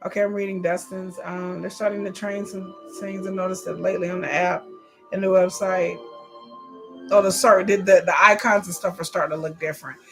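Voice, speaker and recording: A woman streamer reacting in casual, animated chat, profane and laughing often. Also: on the low side, brisk, creaky, faint music behind. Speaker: streamer hosting a live watch.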